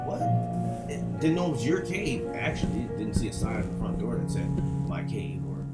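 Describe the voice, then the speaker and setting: A man's voice: fairly low pitch, brisk. A father telling his sons an improvised spooky story, swearing freely and acting out the voices of the people in it. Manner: animated, swears freely, acts out quoted voices. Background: loud guitar music.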